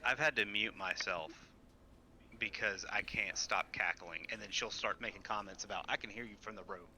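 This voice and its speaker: Man co-host, low and very sharp-toned, joking interjections, faint mic hiss. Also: normal speed. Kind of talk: casual live-stream banter.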